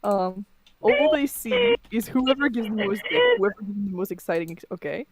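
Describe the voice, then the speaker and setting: A woman's voice: medium pitch, animated, normal speed, rough recording. A woman co-hosting a podcast, chatting casually and reading a post aloud in a mocking tone, laughing often and swearing. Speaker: podcast co-host.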